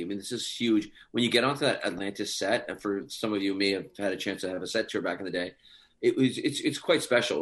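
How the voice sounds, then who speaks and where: A male actor chatting through a casual interview in a lowish voice. He tells long, rambling stories full of fillers and breaks into laughter often. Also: a bit bright. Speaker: actor guest.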